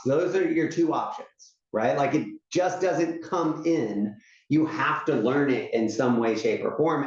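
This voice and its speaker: A man's voice: medium pitch, darkish tone. Man coaching over an echoey call. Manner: conversational, keeps adding "right?". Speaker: mastermind host. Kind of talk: motivational coaching talk. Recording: very echoey, dull lo-fi call audio.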